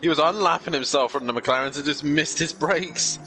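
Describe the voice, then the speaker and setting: Relaxed co-commentator man, noisy line. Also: fairly high pitch, moderate pace. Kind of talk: sim racing commentary.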